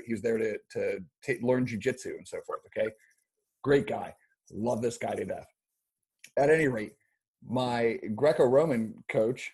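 A man's voice: medium pitch, darkish tone, husky. A man hosting a casual podcast, telling a long story in a rambling way with many restarts and fillers. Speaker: podcast host.

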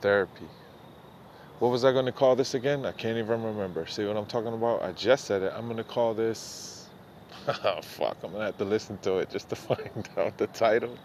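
A man's voice: on the low side, fairly quick, darkish tone, slight background noise. A middle-aged man, rambling loosely and profanely through a casual solo podcast monologue, often mocking himself. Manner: loose, profane, self-mocking, drifts between thoughts. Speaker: podcast host.

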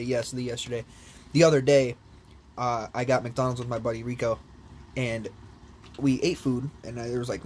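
A young man in casual chat, telling a long story in an animated way with lots of swearing and laughter. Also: mid-range voice. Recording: faint background noise.

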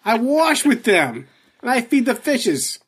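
A man's voice: very high-pitched, sing-song, measured pace, noisy background, voice pushed up, full character voice. A man doing a brash street tough. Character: brash big-city street guy bragging.

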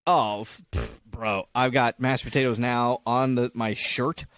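A man's voice: medium pitch, fairly even intonation, measured pace, fairly bright tone, no room sound, studio quality. A young man co-hosting a casual comedy podcast, telling rambling, profane stories full of restarts. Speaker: podcast co-host.

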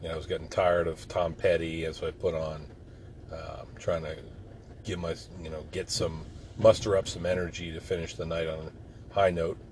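A middle-aged man talking in a casual, rambling monologue, profane and given to sudden loud outbursts. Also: low-pitched, level tone, moderate pace. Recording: loud road noise behind.

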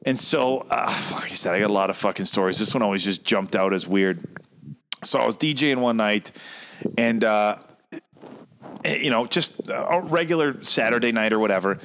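A man in his thirties, a podcast host, telling a long profane story in an animated, casual way. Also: fairly low pitch, moderate pace, a little hiss or hum.

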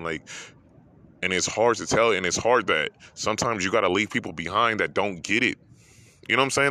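Holding back tears, a male podcast host with a low voice and sharp tone shares a heartfelt personal story. His telling wanders and circles back on the same phrases.

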